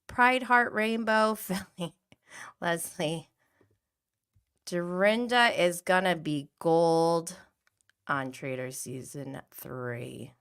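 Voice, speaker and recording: A woman in her thirties hosts a casual reality TV podcast, talking in a chatty, animated way. Her voice sits a little low, and she laughs often as she greets live chat viewers by name. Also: drawn-out words, smooth. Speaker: podcast host.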